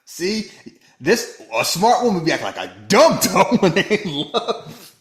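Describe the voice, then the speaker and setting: A man co-hosting a casual movie-review podcast, joking and animated, often slipping into mock voices. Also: a little slow, reverberant. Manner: animated, jokey, slips into high-pitched mock voices. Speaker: podcast co-host.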